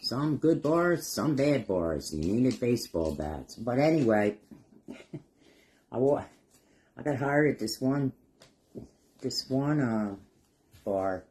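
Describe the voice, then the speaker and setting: A man's voice: medium pitch, expressive, slow, long pauses, darkish tone, slight background noise. A middle-aged man with an ordinary, mid-range voice chats casually over a painting project. He wanders off into homespun stories and chuckles often, keeping an easygoing, down-home manner. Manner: rambling, folksy, chuckles through stories. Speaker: craft vlogger. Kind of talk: casual storytelling while painting.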